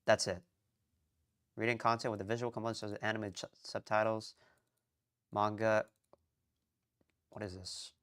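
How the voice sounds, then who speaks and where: A young man live-streaming his language study, rambling and thinking out loud, often muttering to himself and restarting sentences. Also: fairly low pitch, little pitch movement, normal speed, pauses often, clear, resonant tone. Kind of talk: casual live-stream chatter.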